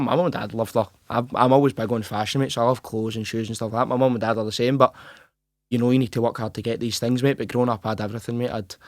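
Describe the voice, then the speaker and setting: Speaking as a guest in a relaxed interview, a young Scottish boxer with a Glaswegian accent tumbles through his words at speed. In his twenties, he keeps an even, narrow pitch, restarts often and leans on "mate." It's a close, dry recording.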